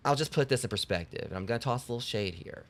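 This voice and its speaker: A man's voice: medium pitch, lively intonation, rapid-fire, a bit bright. A male live streamer chatting casually with his viewers in a rambling, joking way.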